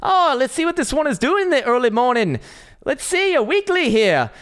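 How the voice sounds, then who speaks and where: A man's voice: lowish voice, flat delivery, a little fast, close to an everyday voice. A man putting on a cheery Irish-accented voice while reading charts, sing-song and upbeat. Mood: chipper.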